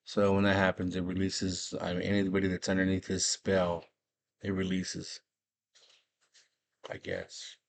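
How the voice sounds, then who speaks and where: A man with a fairly low voice talks through a movie plot in relaxed, slang-filled chat. He sounds like he's at home, chatting easily to his viewers. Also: measured pace, gravelly, pauses often. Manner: slangy and laid-back, retelling a plot. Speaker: movie review vlogger. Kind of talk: casual chat.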